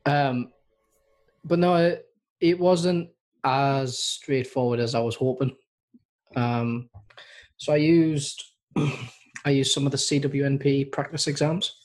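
A man speaking as a podcast guest, hesitant with many pauses and ums. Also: mid-range voice, a little mellow. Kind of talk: casual chat among friends.

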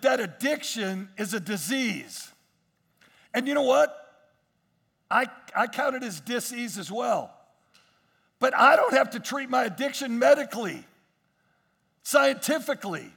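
A male pastor with a high, gravelly, breathy voice preaches a sermon in a big-room acoustic. He swings between quiet asides and emphatic rises, often repeating and restarting his phrases.

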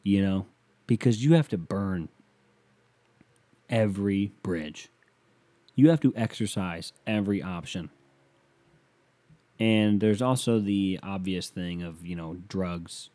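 Rambling, profane young man, mellow low voice. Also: slow, pauses often. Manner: rambling, profane, self-mocking. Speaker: podcast host. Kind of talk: casual solo podcast monologue. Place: bedroom.

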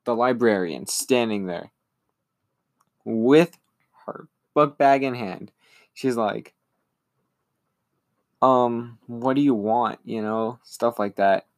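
A man's voice: medium pitch, takes it slowly, long pauses. A young man in casual conversation, walking through an episode scene by scene. He keeps an easygoing tone and breaks into exaggerated voices to act out what the characters say. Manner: lively retelling, acting out lines in silly voices. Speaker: podcast co-host. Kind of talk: casual recap chat.

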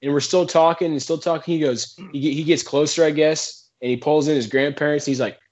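A man's voice: on the high side, steady tone, brisk, darkish tone. A man casually telling a rambling, profane story to friends on a podcast, laughing often. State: drunk in the story only. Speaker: podcast co-host. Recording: muffled lo-fi podcast audio.

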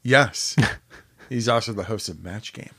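A man's voice: lowish voice, unhurried, vocal fry, a bit bright, breathy edge. A man co-hosting a podcast, joking around in casual chat. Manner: playful and joking. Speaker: podcast co-host.

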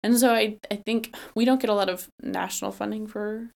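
A woman speaks as a candidate in a relaxed interview. Her voice sits at a middle pitch with a gravelly creak running through it. She is earnest and works her thoughts out with fillers and restarts. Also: fairly quick. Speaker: political candidate. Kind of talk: casual interview.

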